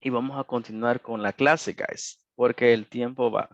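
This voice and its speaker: A man's voice: mid-range voice, fairly even intonation, normal speed, no echo. A male English teacher running an online class, switching between Spanish and English and encouragingly reading out students' answers. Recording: dull, muffled online-class audio.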